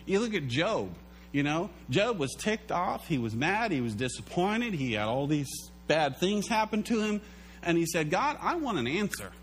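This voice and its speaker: Guy preaching, lively storytelling, bit high voice, faint hum behind. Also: moderate pace. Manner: animated storytelling, acts out quotes. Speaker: pastor. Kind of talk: sermon.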